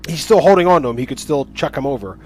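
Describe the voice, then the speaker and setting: A man's voice: a little high, lively intonation, quick pace, faint music behind. A man narrating as game master of a tabletop game, laid-back, with fillers and easy laughs.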